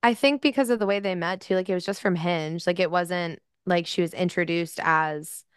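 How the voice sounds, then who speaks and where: A woman's voice: lowish voice, normal speed, smooth, no echo, clean studio sound. A young woman co-hosting a podcast in casual, blunt chat. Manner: blunt, swears freely. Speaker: podcast co-host.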